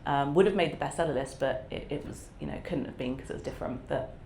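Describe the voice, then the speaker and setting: Woman author, low voice, candid and reflective, faint background hum. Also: fast, gravelly. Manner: warm, reflective, laughs often, lots of fillers. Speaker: author guest. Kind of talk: candid conversational interview.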